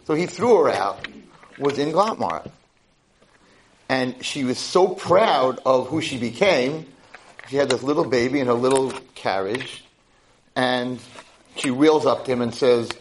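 A man, a rabbi, giving a Torah lecture with animated storytelling and acted-out voices. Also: mid-range voice, measured pace, pauses often, a little hiss or hum, rough recording. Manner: animated, acts out voices in stories. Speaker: rabbi and high school head.

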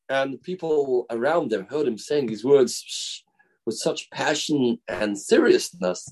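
A man's voice: mid-range voice, expressive, unhurried, darkish tone, breathy edge. A man giving a daily Torah lesson as a rabbi, explaining through stories and acted-out quotes. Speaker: rabbi teaching a daily class.

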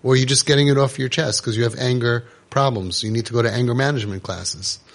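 Speaking quickly at a medium pitch, a man lectures parents on religion with passion, scolding them and asking rhetorical questions. He scatters Hebrew and Yiddish terms throughout.

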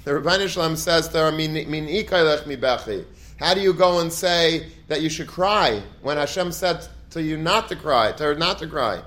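A man's voice: a little high, moderate pace, fairly bright tone. Earnest man telling a Torah story. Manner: earnest, emotive storytelling with frequent restarts and Hebrew and Yiddish terms. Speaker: Torah teacher.

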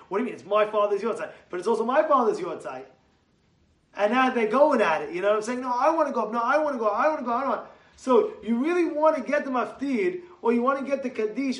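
A man giving a casual Torah talk to a congregation, telling stories and acting out quotes with a raised voice. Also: high voice. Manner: animated, acts out quotes with raised voice. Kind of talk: casual sermon with storytelling. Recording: echoey room from far off.

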